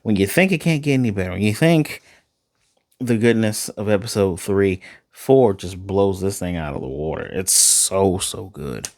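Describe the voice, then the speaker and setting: A man's voice: low voice, animated, normal speed, a little mellow, dry recording, clean studio sound. A man from Chicago giving an enthusiastic, casual spoken review of a TV episode, often repeating himself. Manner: enthusiastic, conversational, repeats phrases. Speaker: TV show reviewer.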